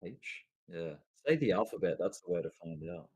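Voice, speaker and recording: A man's voice: deep voice, animated, normal speed, a little mellow, slightly rough. A man in casual livestream chat, teasing the others and laughing.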